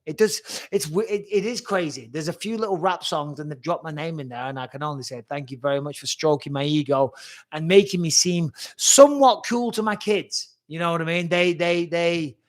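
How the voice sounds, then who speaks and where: Fast-talking, blunt man with a fairly high voice. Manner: fast, blunt and swearing, reading viewer questions aloud. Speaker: former fighter and commentator hosting a live Q&A. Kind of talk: casual live-stream Q&A.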